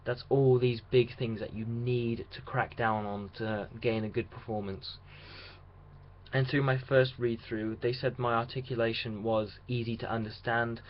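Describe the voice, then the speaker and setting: In a casual video diary, a young man rambles chattily about his radio drama rehearsals, often restarting his sentences. His voice is medium-pitched, steady and unhurried, and the recording sounds dull and lo-fi with a faint hiss.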